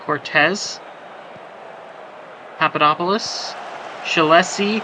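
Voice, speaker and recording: A man's voice: on the high side, measured pace. A man calling a soccer match play by play, jokey and rambling between plays and surging on chances. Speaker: play-by-play commentator. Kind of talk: sports commentary of a simulated soccer match. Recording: background noise.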